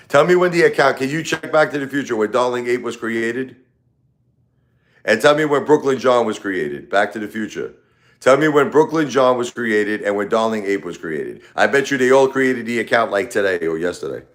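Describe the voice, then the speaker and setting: A man's voice: mid-range voice, lively intonation, moderate pace. Sad guy going on and on in his livestream, repeats himself a lot, average voice. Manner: repetitive, emotional, repeats phrases, chuckles between lines. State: grieving. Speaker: livestream host. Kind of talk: rambling livestream monologue.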